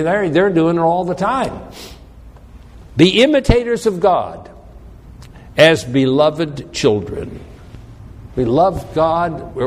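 A man preaching a sermon, emphatic and slowing down to read scripture aloud. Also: on the high side, a little mellow, in a large hall. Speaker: pastor.

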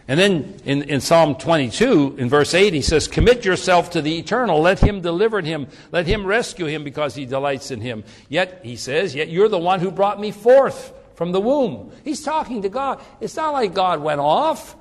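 A man delivers a sermon in a somewhat high voice, his pitch rising and falling with lively emphasis. He reads scripture slowly and with weight, often repeating himself as he presses a point. His voice rings out with a long hall reverb. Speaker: preacher.

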